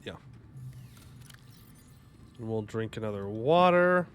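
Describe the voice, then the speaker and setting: In casual gaming livestream commentary, a young man jokes, rambles and trades banter with his chat. He speaks slowly in a lowish voice with lively intonation, over a little hiss or hum.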